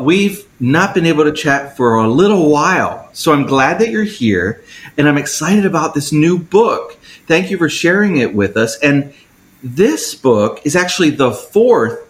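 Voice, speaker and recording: A man's voice: fairly high pitch, sing-song, unhurried. A man hosting a children's story show, cheerful and welcoming as he introduces an author. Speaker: host.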